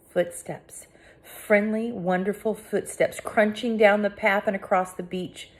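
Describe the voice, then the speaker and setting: A woman's voice: medium pitch, steady tone, measured pace. Dramatic woman narrating an audiobook. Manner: dramatic, swinging between hushed and cried out. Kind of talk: first-person audiobook narration.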